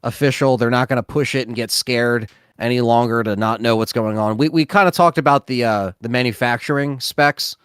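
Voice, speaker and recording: Smooth-voiced man, hesitant and measured. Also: medium pitch, a bit bright, no echo, clean studio sound. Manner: measured, hesitant, lots of fillers. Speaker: podcast co-host. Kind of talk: casual gaming podcast chat.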